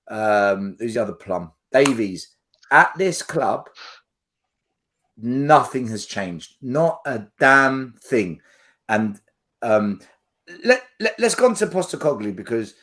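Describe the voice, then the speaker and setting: A man's voice: mid-range voice, fairly bright tone. A man hosting a casual podcast chat, blunt and emphatic as he gives his opinions. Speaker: podcast host.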